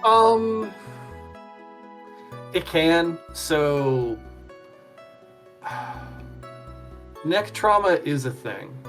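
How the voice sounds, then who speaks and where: Male streamer, slow delivery, lively pitch, dry humor, soft music behind. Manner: dry, joking, explanatory. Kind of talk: casual chat during a game voice-over.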